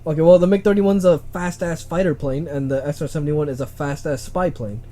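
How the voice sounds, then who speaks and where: A young man hosting a casual podcast chat, animated, laughing often and stumbling over his words. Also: a little high, brisk. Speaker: podcast host. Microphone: home microphone, uneven volume.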